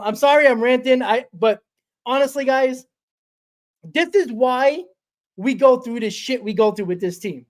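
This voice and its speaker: A man hosting a sports fan show from his small home studio, ranting fast and excitedly, swearing and repeating himself. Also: very high voice. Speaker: host. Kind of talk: excited postgame fan rant.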